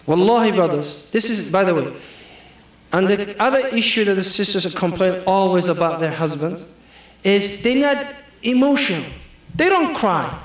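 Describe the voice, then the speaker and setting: A man's voice: high-pitched, animated, normal speed. A man with as his giving a humorous sermon, acting out quoted dialogue. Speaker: preacher. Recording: echoey hall, from far off.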